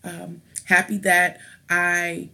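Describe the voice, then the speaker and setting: A woman's voice: on the low side, monotone, very slow, pushed and bright. Irritated woman ranting on a live stream. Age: adult with children. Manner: irritated, blunt and rambling, with restarts and slang. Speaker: tarot live-stream host. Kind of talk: rambling live-stream rant.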